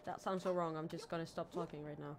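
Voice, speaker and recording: A woman's voice: low-pitched, fairly even intonation, fast talker. Lady streamer mumbling and squealing over a game, self-mocking, bit of faint hiss behind. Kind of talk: casual let's-play commentary.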